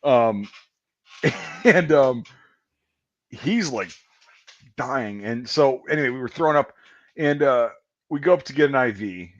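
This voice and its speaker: A man tells a rambling, profane story about himself in a casual chat, often laughing at his own misfortune. His voice sits at a middle pitch. The sound is dry and a little dull, like a lo-fi podcast mic. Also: animated, takes it slowly, pauses often, no echo. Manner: profane, rambling, self-deprecating. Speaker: podcast host.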